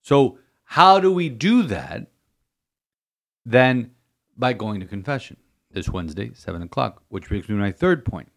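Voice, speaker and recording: Speaking unhurriedly in a medium-pitched, gravelly, fairly bright voice that is very animated, a priest reflects on scripture for a podcast in homily style. He presses his points, repeats phrases, and often stumbles and restarts.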